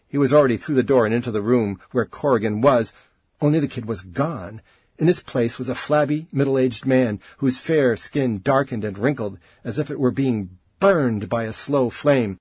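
A man narrating an audiobook in an expressive, dramatic way. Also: mid-range voice, moderate pace, breathy edge, no echo.

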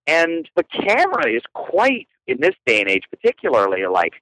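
A playful man from Canada tells anecdotes as a podcast guest, his pitch leaping around as he gets into the story. The recording is close and dry, with no room sound. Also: normal speed, no echo, rough recording. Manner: animated, playful, frequent laughter. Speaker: guest photographer.

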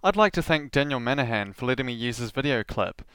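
A man's voice: medium pitch, lively intonation, fast, a bit bright, clear, resonant tone, dry recording. A man hosting his own podcast, reading a scripted narration in an earnest tone with dry, wry asides. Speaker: podcast host.

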